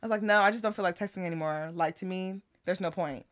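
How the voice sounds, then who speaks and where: A woman with a low-set speaking voice tells a story on a casual podcast. She acts out both sides of a text conversation in an animated, laughing way. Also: quick pace. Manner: animated retelling of text messages, laughing often. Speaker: podcast co-host.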